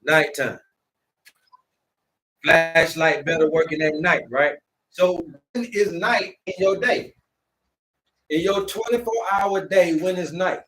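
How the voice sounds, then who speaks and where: A man hosting a live stream, lecturing his viewers in a preachy, repetitive way and drawing out words slowly for emphasis. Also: a little high, a bit bright, distant mic, rough recording. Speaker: herbalist host of a live stream.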